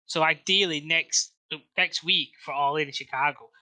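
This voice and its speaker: A man's voice: a little high, normal speed, pushed and bright, no room sound. A man co-hosting a casual wrestling podcast, rambling and restarting his sentences, with frequent swearing. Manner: rambling, restarts often, lots of fillers and swearing. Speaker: podcast co-host.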